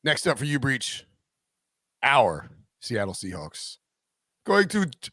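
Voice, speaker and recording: A man's voice: mid-range voice, huge pitch swings, takes it slowly, pauses often, pushed and bright, dry recording, clean studio sound. A man co-hosting a casual football betting podcast, rambling and joking with many restarts and fillers. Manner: rambling, lots of restarts and "like", jokey. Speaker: podcast co-host, NFL betting analyst. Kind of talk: casual sports betting chat.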